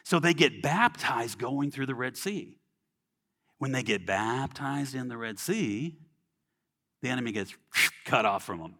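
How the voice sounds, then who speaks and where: A man's voice: medium pitch, a bit bright. A man preaching a sermon in a casual, conversational way, often checking in with "right?" and acting out quoted people in little voices.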